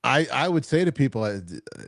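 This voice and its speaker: Fast-talking and a bit creaky, this middle-aged podcast host has a medium pitch and clean studio sound with no room echo. He tells stories casually and animatedly acts out the quotes.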